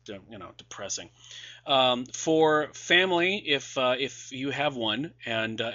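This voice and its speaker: A man with a mid-range voice, pushed and bright, reviews new releases on a casual podcast, and the highs are cut off. His voice is wearing out as he drops sarcastic asides among many fillers and restarts.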